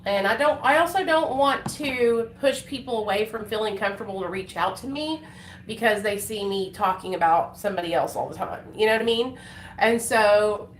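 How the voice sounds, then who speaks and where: A woman vlogger with a slightly high, somewhat bright voice chats on a casual live stream. Her talk is rambling and emotional, crowded with fillers and restarts, and the echoey room carries faint noise.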